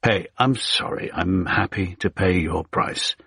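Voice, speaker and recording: A man voicing an arrogant, wealthy Englishman with an English accent, pushy and quick to plead. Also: sits low, gravelly, bright, forceful tone, slightly rough, no room sound, clean studio sound, exaggerated voice. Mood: flustered. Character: arrogant, rich Englishman, growing flustered.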